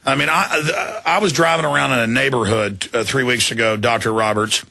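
A man's voice: medium pitch, fairly even intonation, moderate pace, creaky, sharp tone. A tired male talk radio host rambling through an indignant personal story in an interview, full of restarts. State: tired after a long broadcast.

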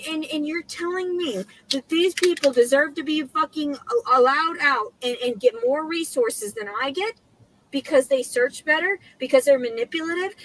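A woman's voice: high-pitched, a bit bright, rough recording. A woman in a heated rant, agitated and stammering, swearing constantly. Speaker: woman filmed in her own posted videos.

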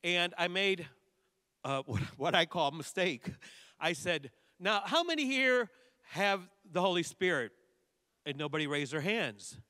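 Animated preacher man in a reverberant church. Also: a little high, a little slow, clean studio sound. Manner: animated storytelling preacher, bursts of loud exclamation. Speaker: pastor. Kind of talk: sermon testimony. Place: church sanctuary.

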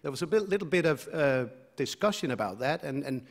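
A man's voice: on the high side, expressive, brisk, vocal fry. Danish-accented man lecturing in a reverberant hall. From Denmark. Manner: hesitant, many fillers and restarts, light self-mocking humor. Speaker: anesthesiologist giving a conference lecture. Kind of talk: conference lecture.

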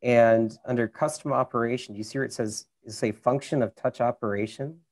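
A man's voice: medium pitch, steady tone, brisk. A man with a Minnesota accent, a camera expert casually explaining settings step by step over a video call, with lots of fillers.

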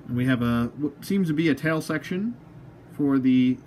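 A man's voice: mid-range voice, animated, normal speed, a little mellow. A man chats through a toy unboxing at his desk, rambling along with jokey, self-mocking asides and the odd word to the figure in his hands. His voice sits in a middle range, with a faint room hum behind him. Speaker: toy collector reviewer. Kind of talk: casual unboxing review.

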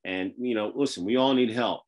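A male host from the Northeastern United States chats over a video call, loose and folksy, with lots of fillers. His voice sits somewhat low. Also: a little fast, a little mellow. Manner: rambling, filler-heavy, folksy. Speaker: podcast host. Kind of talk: casual video call interview.

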